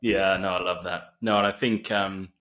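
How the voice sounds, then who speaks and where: A man hosting a podcast, speaking slowly and in a monotone in a casual interview. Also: sits low. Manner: slow and monotone. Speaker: podcast host.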